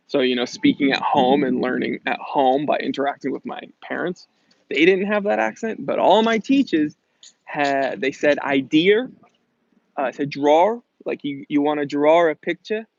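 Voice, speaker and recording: A man's voice: fairly high pitch, gravelly, dry recording, muffled recording. A man in his thirties from New England, hosting a casual live Q&A and joking as he reads out viewer comments. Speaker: livestream host answering chat questions.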